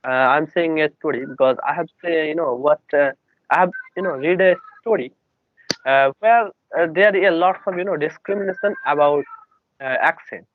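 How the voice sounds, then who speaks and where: A man's voice: fairly high pitch, normal speed, slight background noise. A man with an Indian English accent, a native Bengali speaker, practicing English in casual conversation, talking hesitantly with many fillers over a video call. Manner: hesitant, full of "you know" and "uh" fillers. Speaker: English learner. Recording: tinny phone-like video call line.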